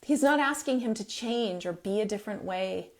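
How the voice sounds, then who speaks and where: A woman's voice: mid-range voice, expressive, moderate pace. A middle-aged woman giving earnest, emphatic advice to parents, with fillers and restarts. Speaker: parenting coach.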